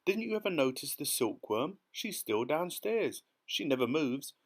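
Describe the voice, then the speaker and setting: A man's voice: fairly high pitch, sing-song, unhurried, pitched above the performer's own voice, heavily acted. A man doing an old fatherly grasshopper. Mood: exclaiming. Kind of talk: audiobook character reading.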